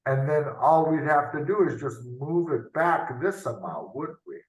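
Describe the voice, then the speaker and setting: A man tutors math over a video call in a loose, unscripted lesson, thinking out loud and often tacking on tag questions. His voice is fairly high and lively, at a moderate pace. The recording sounds roomy, picked up from off the mic.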